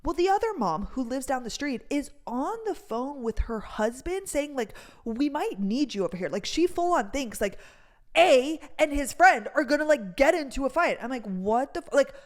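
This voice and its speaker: A young woman hosting a podcast, telling a story in a chatty, animated way and saying "like" a lot. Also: high voice, normal speed. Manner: chatty, heavy on "like," animated retelling. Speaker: podcast host. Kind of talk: casual storytime chat.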